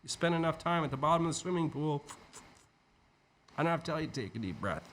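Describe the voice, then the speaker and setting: Animated profane man coaching. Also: a little high, fast, slight background noise. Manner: animated, profane, acts out inner voices. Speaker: podcast guest, entrepreneur and coach. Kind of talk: conversational teaching.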